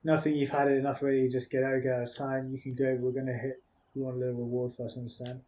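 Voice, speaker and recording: A man's voice: medium pitch, level tone, fast talker, warm tone, highs cut off. A man hosting a game let's play, reading dialogue choices and commenting in a matter-of-fact way.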